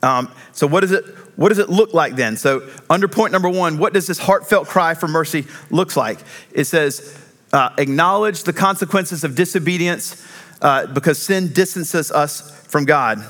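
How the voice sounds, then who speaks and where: A man preaching a sermon in an earnest, emphatic way, slowing down on key phrases. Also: on the high side, a bit bright. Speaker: pastor.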